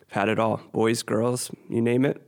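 A man's voice: mid-range voice, level tone, normal speed, gravelly. A man casually answering an interviewer's question as a guest, with good humor. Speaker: guest, managing partner.

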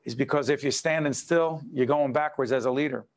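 A man's voice: medium pitch, a little fast. A man hosting a leadership talk show, bantering with energy. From New Jersey. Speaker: host.

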